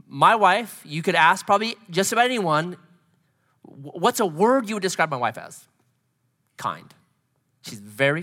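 A man's voice: high voice, sharp tone. A man in his forties, a pastor preaching a conversational sermon who tells stories and acts out scenes. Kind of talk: sermon with storytelling. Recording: long hall reverb.

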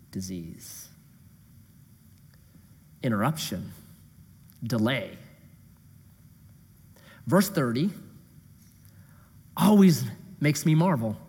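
Male pastor, high lively voice, slightly husky, preaching in a reverberant hall. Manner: animated, drops to a hushed voice for emphasis. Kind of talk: sermon. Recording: echoey hall.

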